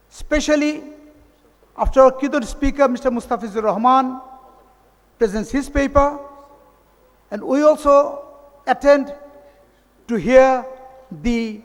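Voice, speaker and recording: A very high-pitched man with a Bangladeshi accent opens a conference with a formal welcome. He speaks slowly and deliberately, in measured phrases with the odd restart. His voice rings out through the long reverb of a large hotel hall.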